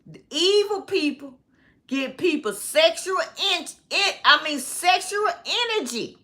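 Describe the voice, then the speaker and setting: Woman w/ vlogging, slow drawl, bright and kinda high, laughs a lot. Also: animated. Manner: laughs often between lines, repeats phrases. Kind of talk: rambling monologue.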